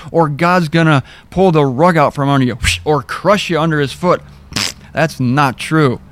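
Guy teaching scripture verse by verse, kinda high voice, dry sound, wry and chatty. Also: dry recording. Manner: conversational, wry, rereads verses slowly for emphasis. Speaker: Bible teacher. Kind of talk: informal verse-by-verse Bible teaching.

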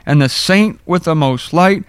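A man teaching the Bible verse by verse in a conversational, wry way, rereading verses slowly for emphasis. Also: a little high, smooth.

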